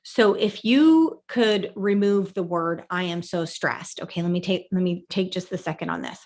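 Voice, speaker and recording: A woman's voice: medium pitch, moderate pace, darkish tone. A woman life coach giving a teaching talk, earnest and emphatic, repeating her key points.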